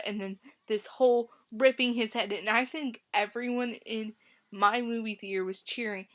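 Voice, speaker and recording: A woman in a casual vlog, gushing about a film she loved, rambling with lots of "like" and restarts, her volume jumping between loud outbursts and soft asides. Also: fairly high pitch. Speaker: vlogger reviewing a film.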